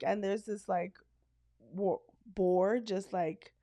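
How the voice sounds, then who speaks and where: A woman's voice: mid-range voice, takes it slowly, dry recording. A woman from Canada co-hosting a casual podcast, telling stories animatedly and acting out the quotes. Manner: animated storyteller, acts out quotes. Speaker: podcast co-host. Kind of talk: casual chat.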